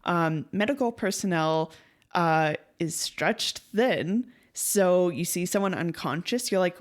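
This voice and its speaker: Speaking slowly in a low, lively voice, a young woman co-hosts a relaxed podcast. She recounts a story conversationally, voicing the quotes and breaking into easy laughter.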